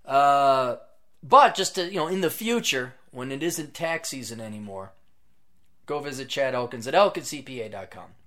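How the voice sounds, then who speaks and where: A man hosting his own podcast in a casual, sarcastic, rambling monologue, reading out plugs and jumping between loud bursts and mutters. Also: medium pitch, animated, normal speed. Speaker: podcast host.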